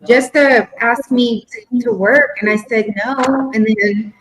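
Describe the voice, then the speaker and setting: A woman panelist telling a risqué story in a matter-of-fact, deadpan way. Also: a little high, unhurried, poor audio. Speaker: comedian panelist.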